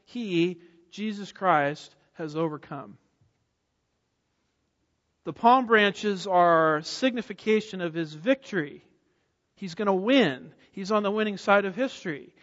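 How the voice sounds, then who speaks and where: A man's voice: high-pitched, a bit bright. A man preaching an expository sermon, emphatic, asking the congregation questions and answering them himself. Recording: dull sound with long hall reverb.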